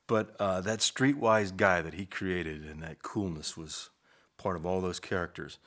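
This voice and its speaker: An older man, an actor, recalling his early career in a soft-spoken, unhurried interview manner. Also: low voice. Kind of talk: interview reminiscence.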